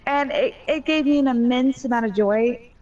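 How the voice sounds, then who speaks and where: A woman's voice: on the high side, moderate pace, a little mellow. Talkative woman, dull lo-fi voice chat. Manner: candid, talkative, jokey storyteller. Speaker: mother. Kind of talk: casual voice chat.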